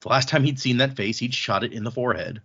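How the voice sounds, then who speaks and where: A man's voice: medium pitch, quick pace, a bit bright, breathy edge. A man hosting a podcast, casually recapping book chapters, laughing often and slipping into voices for quotes. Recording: dull lo-fi sound.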